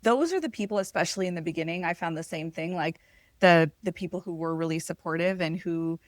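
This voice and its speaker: A woman hosts a podcast interview in a relaxed, chatty way, filling her speech with "like" and often affirming what her guest says. Her voice is slightly low, and the recording is dry and close. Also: brisk, no room sound. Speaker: podcast host. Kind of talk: casual interview conversation.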